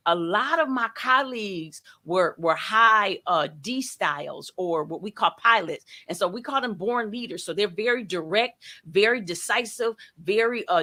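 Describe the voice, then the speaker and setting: A woman's voice: on the low side, sharp tone. A woman co-hosting a talk show, speaking reflectively in casual chat. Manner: reflective, laughs easily, trailing fillers.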